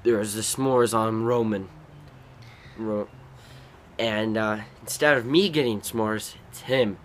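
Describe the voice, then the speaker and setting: A man hosting a podcast, telling rambling, animated stories about his family. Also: lowish voice, slow, a little hiss or hum. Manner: rambling, animated, bursts into loud acted shrieks. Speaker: podcast host. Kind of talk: casual storytelling.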